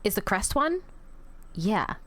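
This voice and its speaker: Emotional woman streamer, lively voice. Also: medium pitch, takes it slowly. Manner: emotional, rambling, swears freely. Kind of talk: live game commentary.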